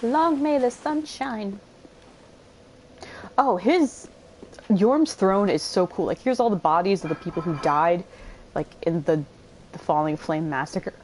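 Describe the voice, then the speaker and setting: A young woman giving casual gameplay commentary, thinking aloud and pausing on fillers while she eats dinner. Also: lowish voice, a little mellow, a little hiss or hum. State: eating while talking. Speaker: gameplay streamer.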